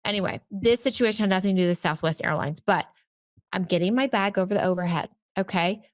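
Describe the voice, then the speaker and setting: A woman co-hosting a casual chat show, telling animated stories and acting out what people said. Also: medium pitch, fast, no room sound, studio quality. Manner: animated, exclaims and acts out quotes. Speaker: podcast co-host.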